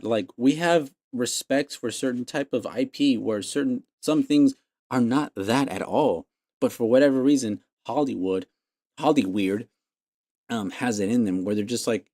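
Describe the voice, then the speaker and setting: A podcast host rants casually, swearing a lot and laughing in exasperation mid-sentence. His voice is on the low side and darkish, at a moderate pace, with no echo.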